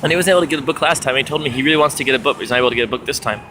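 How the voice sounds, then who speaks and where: A man's voice: medium pitch, racing. Young man, street vlog, chatty and upbeat, mid-range voice, traffic noise behind. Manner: upbeat, chatty, animated retelling with raised acted quotes. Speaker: street book distributor. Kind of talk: casual vlog monologue. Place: outdoors on a foggy city street. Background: city traffic and street ambience.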